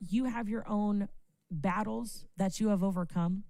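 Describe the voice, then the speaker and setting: A woman's voice: medium pitch, steady tone, unhurried, creaky, background noise. A woman giving an impassioned, profane livestream speech, repeating phrases for emphasis. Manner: profane, rising from earnest praise to yelling. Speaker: livestream panelist.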